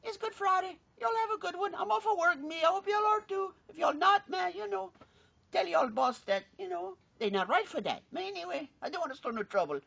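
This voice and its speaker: A woman's voice: extremely high pitch, animated, a little fast, creaky, fairly bright tone, muffled recording. A woman telling a folksy joke casually, drawling and saying "man" and "you know". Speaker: storyteller.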